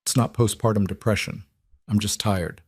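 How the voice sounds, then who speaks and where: A man's voice: fairly low pitch, steady tone, moderate pace, darkish tone, breathy edge, no echo, clean studio sound. A man voicing a driven woman executive who talks in a clipped, defensive way in a story reading.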